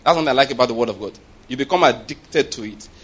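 A husky male preacher talks his congregation through a sermon like a conversation. He keeps checking that they follow and chuckles between points. His pitch sits in the middle of the male range. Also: fast, fairly bright tone.

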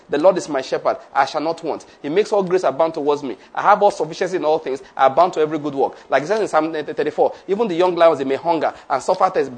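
A male preacher delivering a sermon, leading the congregation in repeated declarations. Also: a little high. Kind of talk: sermon with call-and-response.

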